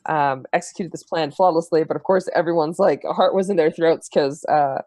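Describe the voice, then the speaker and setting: A man serving as game master, recapping the last tabletop session in a halting, filler-heavy way. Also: fairly high pitch, a little mellow, no echo.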